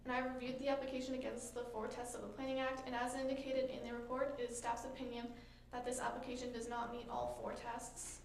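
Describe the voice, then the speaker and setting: Woman, fairly high voice, flat delivery, formal report reading, echoey chamber, faint hiss. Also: creaky. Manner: measured, even and procedural. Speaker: municipal planner presenting a report. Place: council chamber. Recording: echoey meeting room with faint noise.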